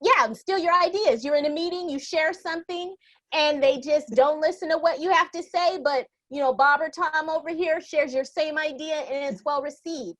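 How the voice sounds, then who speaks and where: A high-voiced woman hosts an interview and asks her questions with enthusiasm. She keeps affirming her guest with quick agreements. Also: fairly bright tone. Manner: enthusiastic, affirming, gives many short backchannels. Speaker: podcast host. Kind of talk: interview conversation.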